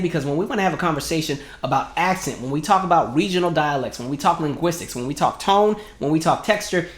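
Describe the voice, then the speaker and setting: A man hosting a casual commentary video, talking in a sarcastic, incredulous way. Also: on the high side. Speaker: host. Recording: roomy echo.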